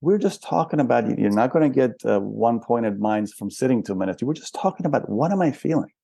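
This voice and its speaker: A man's voice: medium pitch, animated, fairly quick, creaky, mellow, no echo. An older man, a spiritual counselor and guest, explaining patiently and asking rhetorical questions in a reflective interview.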